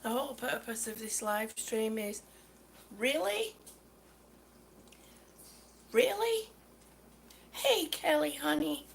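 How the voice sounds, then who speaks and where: A woman's voice: a little high, normal speed, creaky, few pauses, slight background noise. A middle-aged woman on a live stream, out of breath and exasperated, chatting and greeting viewers by name as she tells her complaint. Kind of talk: casual live stream rant.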